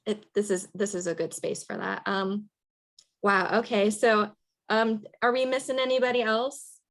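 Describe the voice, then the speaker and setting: A woman hosts a virtual rally over a video call. Her talk is upbeat and encouraging, peppered with fillers and quick affirmations. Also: mid-range voice, steady tone. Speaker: event host and organizer.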